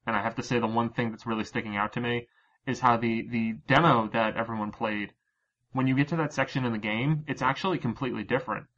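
A man's voice: medium pitch, steady tone, quick pace, a bit bright. A man hosting a casual chat, rambling with many fillers and restarts. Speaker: podcast host. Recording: dull lo-fi recording.

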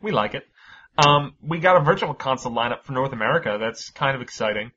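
A man's voice: medium pitch, fast talker, slightly rough, muffled recording. Casual, swearing male podcast host. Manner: energetic, swears freely, laughs often. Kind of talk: casual chat and news rundown.

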